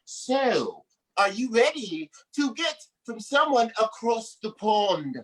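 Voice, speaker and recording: A woman hosting a comedy show, using loud, hyped crowd-work and playful, rambling banter. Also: a little high, sing-song, slow pace. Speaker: host.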